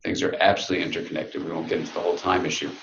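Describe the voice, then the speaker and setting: A middle-aged man with a very low voice gives a reflective talk to an audience, drawing out his stories with quiet pauses. The sound is roomy and a little dull, as if recorded in a hall. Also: flat delivery, gravelly, a little hiss or hum. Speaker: speaker.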